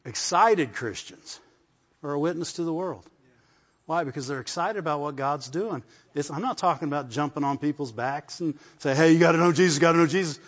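A man preaching to his congregation in a relaxed, conversational way, pausing to ask for an "amen". His voice sits a touch high for a man. The recording sounds muffled and carries a long reverb from a large hall. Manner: conversational preaching with call-and-response asides. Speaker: pastor. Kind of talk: sermon. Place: church service.

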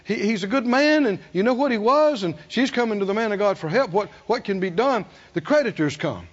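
Lively high-voiced man preaching. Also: fairly quick. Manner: animated, acts out the people he quotes, asks the congregation questions. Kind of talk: sermon. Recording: dull lo-fi sermon recording.

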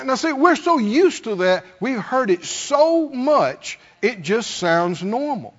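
A man preaching a sermon as pastor, calling out to the congregation and acting out complaining voices. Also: very high voice. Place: church sanctuary. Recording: dull sound, long hall reverb.

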